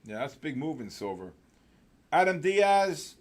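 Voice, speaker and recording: A man hosting a live trading session, talking fast and excitedly with sudden loud exclamations. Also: fairly high pitch. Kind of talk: live trading room commentary.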